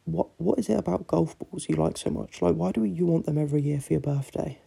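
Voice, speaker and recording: A man's voice: a little high, a little fast, vocal fry, dark tone, husky, full character voice. A man voicing a patient, caring father in a joke he is telling. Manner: casual quoted speech.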